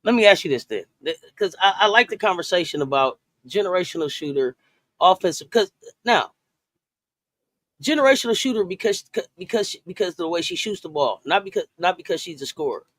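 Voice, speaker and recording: Animated high-voiced man, dry close sound. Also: fairly quick, dry recording. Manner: animated, stammering restarts, repeats short phrases. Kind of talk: casual sports debate.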